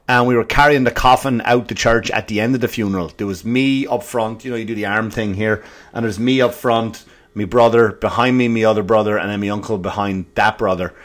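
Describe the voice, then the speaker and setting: Irish male podcast comic, profane storyteller, loud bursts and muttered asides. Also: on the low side, fairly even intonation, fairly quick. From Ireland. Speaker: comedy podcast host.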